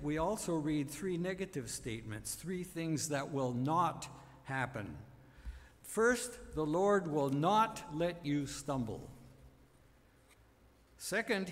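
Slow, emphatic preacher in a reverberant hall. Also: male voice, fairly high pitch. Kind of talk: sermon on a psalm.

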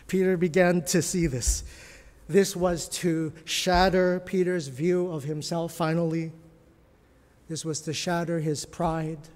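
Pastor preaching in a reverberant hall. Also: male voice, a little high. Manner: dramatic swings from hushed whispers to loud bursts. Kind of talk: sermon. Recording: long reverb of a large hall.

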